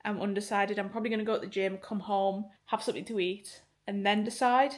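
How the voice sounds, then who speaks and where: This young woman from Liverpool, England, vlogs her day at home in a fast, steady mid-range voice with a faint Northern accent. She curses casually and laughs a lot while holding a phone or camera in her kitchen and flat.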